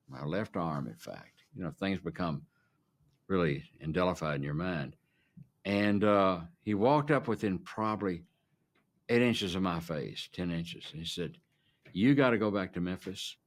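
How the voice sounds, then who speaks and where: Deep-voiced man telling a blunt story. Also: lively intonation, moderate pace. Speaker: documentary interviewee. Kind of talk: recounted memory in interview.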